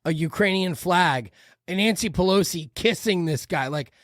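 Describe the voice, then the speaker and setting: A woman's voice: fairly low pitch, normal speed, no echo, studio quality. A woman hosting a podcast, reacting to a video in a heated, profane rant. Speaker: podcast host. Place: podcast room.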